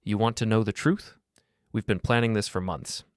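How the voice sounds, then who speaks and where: A man voicing an arrogant, smooth-talking lover with a smug, taunting manner. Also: on the low side, fairly even intonation, moderate pace, no room sound, studio quality, close to an everyday voice.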